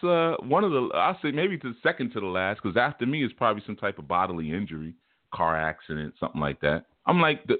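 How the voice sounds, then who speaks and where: A man's voice: fairly low pitch, no room sound. A man giving an informal spiritual teaching, folksy and colloquial, illustrating his points with homespun stories. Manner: folksy, chuckling, colloquial storytelling. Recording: tinny phone-like dry recording.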